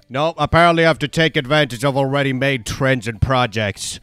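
A man's voice: mid-range voice, brisk, few pauses, fairly bright tone, smooth, no room sound. A young man giving sarcastic, rambling commentary over his own Roblox gameplay as a YouTuber. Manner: sarcastic, rambling, self-mocking.

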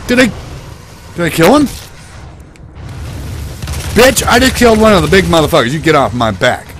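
A man commentating his own gameplay, panicking and swearing through fights, then calming down to chat. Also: a little high, normal speed, long pauses, soft background music. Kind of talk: let's play commentary.

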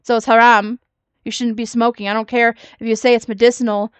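A woman with a slightly high voice delivers snarky reaction commentary. She mocks and scolds freely, with lots of restarts. The sound is close and dry. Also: level tone, fairly quick, clear, resonant tone, no room sound. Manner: sassy, mocking. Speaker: commentary YouTuber.

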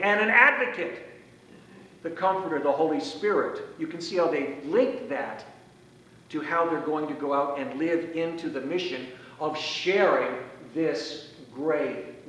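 A man priest giving a conversational, folksy sermon, slowing down to stress key phrases, in a church sanctuary. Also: on the high side, fairly bright tone, dull audio. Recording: echoey church from far off.

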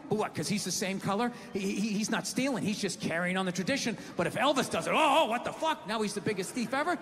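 Recorded live in a large comedy hall with the crowd laughing, a male stand-up rants and swears his way through exasperated tales. His voice is high-pitched with a fairly bright tone, and there's slight background noise.

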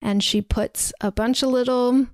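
Her voice is a little high and a little mellow, with fairly even intonation and a slightly slow pace, recorded dry. She's a woman podcast co-host recapping in casual chat at a recording setup, rambling along with lots of "like" and "um."

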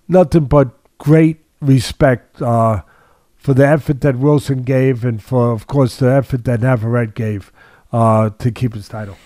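A man's voice: mid-range voice, dark tone, dry recording. An older man hosting a boxing podcast, talking emphatically in a casual way, repeating himself and restarting his sentences. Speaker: boxing trainer and podcast host. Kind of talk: casual sports talk.

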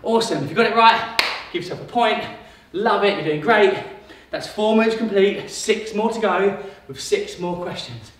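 A high-voiced man leads a kids' workout with cheerful encouragement, calling countdowns and moves between quiz questions. He sounds well away from the mic, and his voice rings around a very echoey room. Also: moderate pace, hardly any pauses, a bit bright, recorded from a distance, slight background noise. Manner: upbeat, encouraging, calls countdowns and cues. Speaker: fitness coach. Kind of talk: kids workout instruction with quiz.

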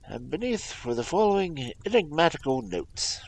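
A man reading a story aloud on a livestream with measured storybook narration. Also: fairly high pitch, sing-song, poor audio. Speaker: reader.

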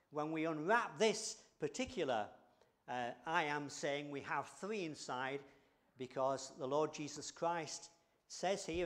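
Older English male preacher, conversational sermon, halting with fillers, slightly high voice. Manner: conversational, many fillers and restarts. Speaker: church leader and preacher.

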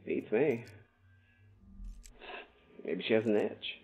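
Lo-fi low-voiced male game streamer. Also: takes it slowly. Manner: chatty, explains things at length, thinks aloud while playing. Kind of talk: casual gameplay stream chat. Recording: tinny phone-like sound.

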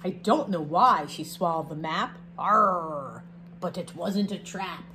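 A woman's voice: on the low side, moderate pace, slight background noise. Woman reading a picture book aloud. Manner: expressive read-aloud with chatty asides.

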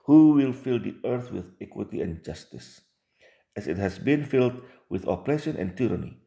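A man reads religious texts aloud and picks them apart in a slow, deliberate delivery. His voice is low, dark and gravelly. He leans on rhetorical questions and repeats words for emphasis, recorded in an echoey room. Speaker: religious commentator. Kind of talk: reading and commenting on religious texts.

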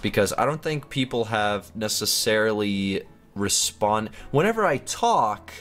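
A man's voice: fairly low pitch, sing-song, a little slow, a bit bright. A man giving chatty gameplay commentary as a gaming YouTuber, talking to himself and giggling often.

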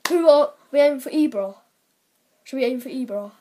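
A teenage girl chats her way through a card-pack-opening vlog, excitable and quick to exclaim at each result. Her voice sits high. She talks into a computer microphone in a room at home. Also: slight background noise. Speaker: vlogger. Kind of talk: casual pack-opening commentary.

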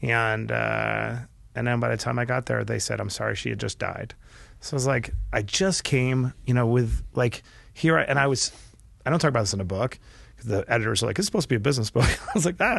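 A middle-aged man, a podcast guest, telling a candid personal story earnestly and with feeling, often restarting his sentences and dropping his voice quietly. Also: mid-range voice, a little fast, gravelly, no room sound. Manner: earnest and emotional, with frequent restarts and quiet dips.

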